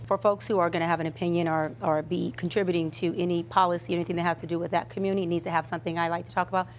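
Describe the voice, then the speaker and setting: A woman's voice: lowish voice, level tone, slight background noise. A woman co-hosting a talk show who makes her points firmly and emphatically. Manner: quick, emphatic and assertive. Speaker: co-host.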